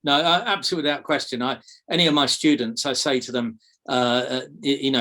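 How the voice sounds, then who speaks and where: A man from South London with a softened English accent, speaking as an interview guest and teaching magic, often hesitating with fillers and repeated words. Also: mid-range voice, steady tone, quick pace, few pauses. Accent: English, softened toward RP. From South London, England. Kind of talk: conversational interview.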